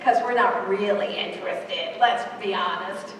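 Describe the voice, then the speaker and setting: A woman's voice: mid-range voice, unhurried, a little hiss or hum. A middle-aged woman from New York giving a conference keynote speech, engaging the audience with rhetorical questions. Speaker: keynote speaker. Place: large conference hall. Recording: echoey hall recorded from far off.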